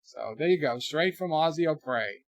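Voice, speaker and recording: A man's voice: a little high, moderate pace, dry recording. Joking American man in a bedroom stream. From United States. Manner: joking, rambling, animated asides. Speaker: livestream host. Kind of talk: casual chat reading viewer comments.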